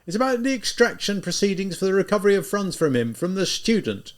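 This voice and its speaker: A man's voice: sits high, sing-song, fast, pitched above the performer's own voice. A man voicing an officious office clerk reciting bureaucratic procedure, in an audiobook reading. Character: male office clerk, officious and matter-of-fact.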